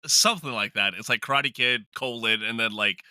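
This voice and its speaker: A man's voice: medium pitch, fairly quick, sharp tone, clear, resonant tone, dry recording. A man hosting a podcast in an easygoing, affirming way. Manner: easygoing, affirming, light laughs. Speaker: podcast host. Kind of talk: casual podcast chat.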